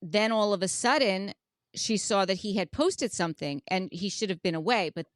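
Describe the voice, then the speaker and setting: A woman's voice: mid-range voice, normal speed, no room sound, clean studio sound. Chatty woman podcast co-host. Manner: chatty, recounts details at length. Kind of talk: casual chat recapping a reality show.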